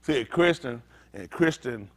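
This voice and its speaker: A man's voice: medium pitch, lively intonation, measured pace, fairly bright tone. A man preaching a sermon as pastor, talking straight to his congregation in a joking, conversational way. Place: synagogue congregation.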